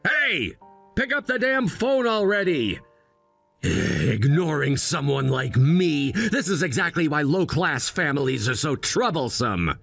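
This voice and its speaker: A man plays a snobbish young groom with a high, sharply swinging voice who sneers at everyone beneath him. His condescension is constant and he drips contempt, with faint music under him. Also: very animated, a little slow, fairly bright tone, heavily acted. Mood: condescending. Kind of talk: narrated drama voice acting.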